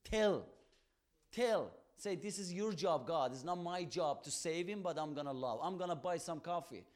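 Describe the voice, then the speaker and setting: A man with a fairly high voice preaching in earnest. He tells his story with conviction and acts out the conversations in it. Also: a little fast. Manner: earnest storytelling in non-native English, acts out dialogue. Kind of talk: testimony sermon.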